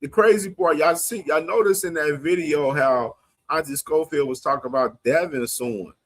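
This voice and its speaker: A man's voice: on the high side, moderate pace, fairly bright tone. A man hosting a boxing livestream, talking in loose, slangy, casual commentary. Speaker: boxing stream host.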